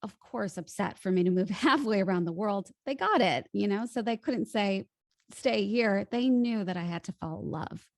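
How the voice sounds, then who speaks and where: A voice coach in her thirties from Illinois, with a General American accent, tells her story as a guest in a casual podcast interview, animated and in storytelling mode. She speaks at medium pitch and normal speed with few pauses. The sound is clean studio audio with no room sound.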